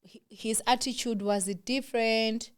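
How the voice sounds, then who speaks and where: A woman's voice: fairly high pitch, steady tone, normal speed, smooth. A woman hosting a casual interview, asking probing follow-up questions and murmuring agreement. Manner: inquisitive, constant affirming murmurs.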